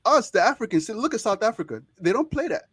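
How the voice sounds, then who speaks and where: A young medical student with a Nigerian accent speaks as a guest in a casual interview, passionate and emphatic, repeating words to press his points. His voice is high, sing-song, fast, a bit bright and slightly rough, captured as a dry, clean studio recording.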